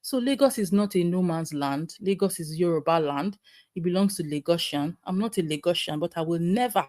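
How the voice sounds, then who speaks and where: A woman's voice: fairly low pitch, fairly quick, darkish tone, no echo, studio quality. A woman from Nigeria with a Nigerian accent, making an impassioned argument in an online debate, emphatic and often restarting or repeating words. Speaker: participant in an online audio debate.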